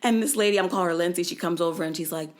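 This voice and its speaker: A young woman with a somewhat low voice hosts a casual podcast chat. She tells stories in an animated, slangy way and slips into quoted voices. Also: racing. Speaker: podcast host.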